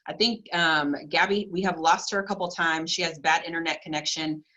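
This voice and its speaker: A woman's voice: low voice, fairly even intonation, fairly quick, sharp tone, poor audio. A woman moderating a panel over a video call, informal and easygoing as she passes a question from the chat to a panelist. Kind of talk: panel discussion.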